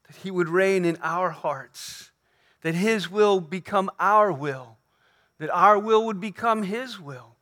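A man with a high-pitched voice delivers an earnest Sunday sermon from the pulpit. He presses his points by repeating phrases and slowing down to lean on quoted lines. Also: sharp tone. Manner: earnest preaching with emphatic repeated phrases and slow stressed quotes. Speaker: pastor. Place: church sanctuary.

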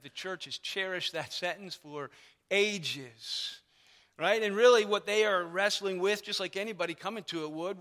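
High, bright-voiced man preaching in a church. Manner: animated teaching, explaining and emphasizing. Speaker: pastor. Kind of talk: sermon. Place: church sanctuary. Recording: long hall reverb.

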